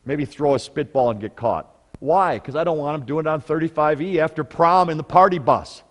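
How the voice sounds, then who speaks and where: A middle-aged man presenting at a parenting workshop, telling stories in an animated way and asking the audience questions. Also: a little high, fairly quick, long reverb tail. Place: large conference room.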